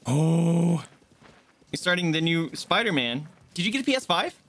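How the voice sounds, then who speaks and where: A young man streaming a game, chatting casually with viewers, excitable, swearing, jumping from hushed asides to loud outbursts. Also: high-pitched, quick pace. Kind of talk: casual gameplay commentary.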